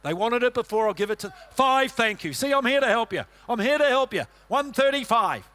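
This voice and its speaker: A man working as an auctioneer, rattling off bids in a quick rhythmic chant and coaxing bidders. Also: extremely high pitch, lively intonation, fairly bright tone. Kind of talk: livestock auction calling.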